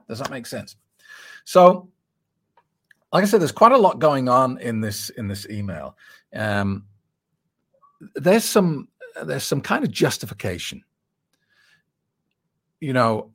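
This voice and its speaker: Responding to an email from a listener, a middle-aged sobriety coach gives sincere, forceful advice on giving up alcohol, talking casually and circling back over his points. He has a mid-range, slightly rough voice.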